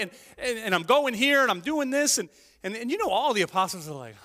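A man preaching a sermon as a pastor, telling stories in a chatty, animated way with quick asides. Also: extremely high pitch, big-room sound.

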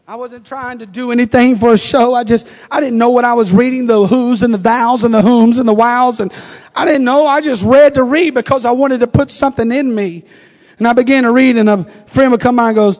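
A man's voice: very high-pitched, fairly even intonation, brisk, a little mellow. A man preaching a sermon, telling a personal story in a conversational way with humorous asides. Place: church sanctuary. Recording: long hall reverb.

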